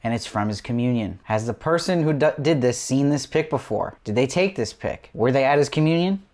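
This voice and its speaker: A man's voice: medium pitch, animated, brisk, a little mellow. A man hosting his own TV review show, recapping an episode eagerly and piling up rhetorical questions. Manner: enthusiastic, asks lots of rhetorical questions. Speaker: TV review host.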